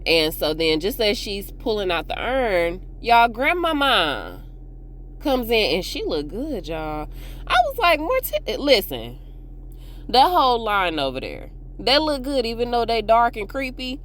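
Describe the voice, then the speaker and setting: A woman talks through a TV episode recap in a loose, chatty way, throwing asides to her viewers as she retells scenes. Her pitch swings widely around a mid-range voice, lively and expressive. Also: unhurried. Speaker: TV recap host.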